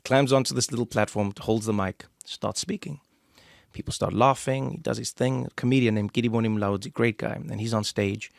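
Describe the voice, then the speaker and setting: A man from South Africa with a South African accent, hosting and telling stories in an animated way. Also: lowish voice, creaky, no room sound, studio quality. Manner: animated storyteller, quick bursts. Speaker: podcast host. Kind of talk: storytelling conversation.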